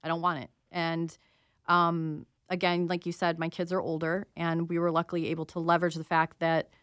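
Low-voiced woman telling her story. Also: monotone, moderate pace, a bit bright, smooth, no room sound, clean studio sound. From Pennsylvania. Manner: earnest, uses many fillers. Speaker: guest. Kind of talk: casual radio talk.

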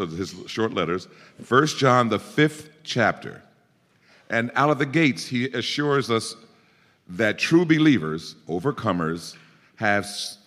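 Male pastor, emphatic exhorting sermon voice, very animated, recorded in an echoing church. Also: fairly low pitch. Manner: emphatic, rising to forceful exhortation. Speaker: preacher.

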